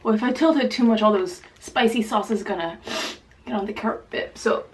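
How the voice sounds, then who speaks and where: A woman hosting a casual food vlog at home, chatty and excitable as she eats and describes each dish, teary from spicy food. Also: medium pitch, normal speed, slight background noise. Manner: chatty, excitable, exclaims often. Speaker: mukbang host.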